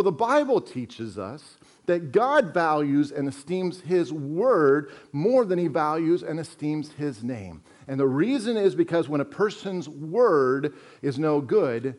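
High-voiced man preaching a sermon. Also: darkish tone. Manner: earnest, emphatic preaching with repeated phrases. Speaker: pastor.

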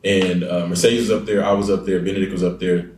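A young man with a lowish voice tells a story in a casual, animated way, acting out the quotes. He sits back from the mic in an echoey room with a faint hiss. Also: quick pace, distant mic. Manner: animated, acts out quotes, laughs often. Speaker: reality show contestant telling a story.

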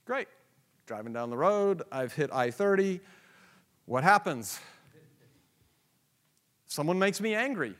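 A man preaching a sermon, moving between quiet, slow asides and loud, emphatic questions to the congregation. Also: high voice, big pitch swings. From United States. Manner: acts out dialogue and inner thoughts, laughs often.

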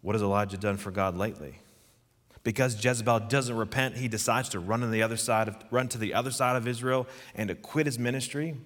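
A man's voice: mid-range voice, fairly even intonation, a little fast, fairly bright tone, long reverb tail. A man preaching a sermon, earnest and emphatic, putting questions to his listeners. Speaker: pastor.

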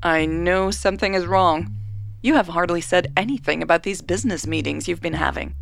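A woman's voice: lowish voice, fairly quick, creaky, a little hiss or hum. A woman reading a story, voicing a protective older sister who teases and presses with questions. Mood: teasing. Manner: teasing, probing.

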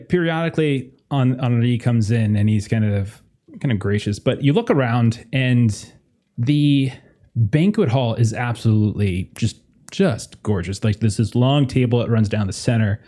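Male GM, dark mellow voice, halting delivery full of fillers. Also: mid-range voice. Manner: halting, many filler words and restarts. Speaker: game master. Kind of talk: narrating a tabletop horror game.

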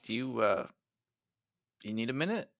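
A man's voice: medium pitch, big pitch swings, moderate pace, gravelly, fairly bright tone, dry recording. A man co-hosting a casual tech podcast, with dry, wry humor. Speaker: podcast co-host.

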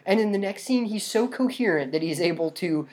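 A woman's voice: mid-range voice, lively intonation, fairly quick, a little mellow. A woman co-hosting a casual podcast, talking bluntly with plenty of swearing. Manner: blunt, swears a lot, acts out quoted lines. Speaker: podcast co-host. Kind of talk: casual chat.

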